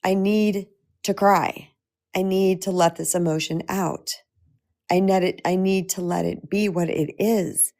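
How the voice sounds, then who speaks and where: A woman's voice: medium pitch, steady tone, measured pace, a little mellow. A middle-aged woman, a spiritual empowerment coach, speaking in a heartfelt, personal way to viewers of a live-streamed talk, with frequent restarts.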